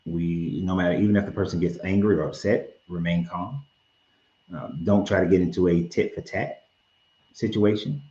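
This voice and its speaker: Male stream host, very low voice, calm and advising, roomy lo-fi sound. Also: normal speed. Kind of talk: live-stream talk. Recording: roomy, dull lo-fi stream audio.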